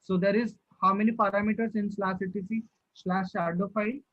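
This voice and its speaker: A high-voiced man leads a live online class and keeps checking with his students. His questions come again and again as he repeats himself. The sound is dull and dry, like a video call. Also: flat delivery, brisk, no room sound. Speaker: instructor.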